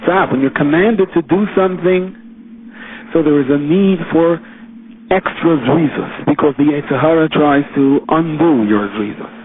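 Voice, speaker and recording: A man's voice: on the high side, unhurried. Man teaching over a tinny line. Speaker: rabbi. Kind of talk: Torah lecture. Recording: tinny phone-line recording with faint hiss.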